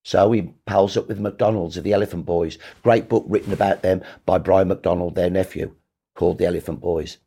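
A man's voice: sits low, fairly even intonation, brisk, creaky, dark tone, husky. A man, a historian answering interview questions in an emphatic storytelling way. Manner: emphatic, storytelling, rises when rebutting. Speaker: historian guest.

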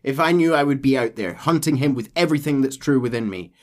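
A sly, smooth-talking army captain, read aloud by a man in his own voice with no accent put on. The delivery sits a little above his usual pitch and rises and falls with lively, animated swings. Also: fast talker, natural voice. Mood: persuasive.

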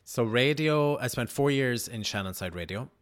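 A man in his thirties with an Irish accent, chatting as a guest about his career in a relaxed interview, full of "like"s and restarts. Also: medium pitch, normal speed. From Ireland. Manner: chatty storyteller, many "like"s and restarts. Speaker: TV news reporter, guest. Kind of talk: casual interview chat.

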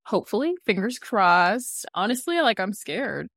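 A woman's voice: medium pitch, sing-song, normal speed, a bit bright, dry recording. Giggly woman podcast cohost, says like a lot, dry mic. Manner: giggly, rambling with many "like"s. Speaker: podcast co-host. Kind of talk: casual chat.

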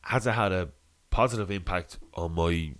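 A young man with a lowish voice chats loosely on a podcast, rambling and swearing now and then. His voice is recorded close and dry, with little room sound. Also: normal speed, a bit bright, no room sound. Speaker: podcast co-host. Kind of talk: casual chat.

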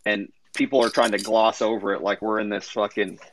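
A man's voice: on the low side, little pitch movement, brisk, dry recording, rough recording. A man in a casual online audio chat telling a sarcastic, profane story and acting out the other people's lines.

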